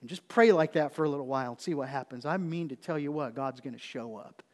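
A man preaching a sermon to his church in an earnest, conversational way, sometimes dropping to a hush. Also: medium pitch, quick pace, in a large hall. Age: adult. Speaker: pastor.

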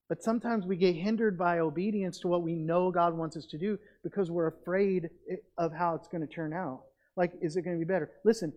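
Youth pastor guy preaching, kinda high voice, gets loud then drops quiet, dull lo-fi sound. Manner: energetic preaching, swings from loud exclamations to quiet asides. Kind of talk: youth sermon with object lesson.

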